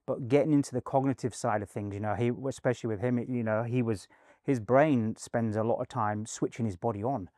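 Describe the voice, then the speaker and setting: A man's voice: medium pitch, fairly quick, dry recording, clean studio sound. Rambling middle-aged man telling stories. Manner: rambling, many fillers and restarts, animated anecdotes. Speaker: guest, performance coach. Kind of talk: casual interview storytelling.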